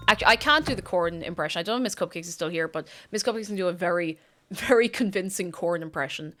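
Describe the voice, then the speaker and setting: A woman streaming a video game, chatting casually and gushing, often dropping into excited whispers. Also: lowish voice, a little fast, soft background music.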